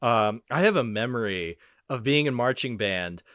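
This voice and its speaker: A man in his twenties hosting a podcast, chatting casually about movies in a rambling, excitable way and swearing freely. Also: mid-range voice, moderate pace, no room sound, clean studio sound. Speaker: podcast host. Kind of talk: casual movie-review chat.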